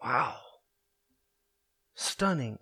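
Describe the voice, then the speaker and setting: A man preaching a sermon earnestly, slowing down and dropping his voice low to stress key words. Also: animated, sharp tone, slightly rough. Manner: earnest preaching, slows and drops low for emphasis. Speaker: pastor.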